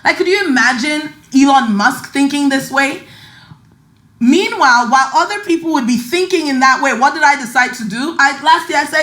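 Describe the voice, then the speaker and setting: A woman with a slight Nigerian accent speaks in a high, bright register, talking straight to her listeners in a casual motivational style. She stresses points by repeating words and keeps a chatty, emphatic flow. Her voice carries a noticeable echo, as if recorded in a bare room. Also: moderate pace. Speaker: podcast host and finance coach.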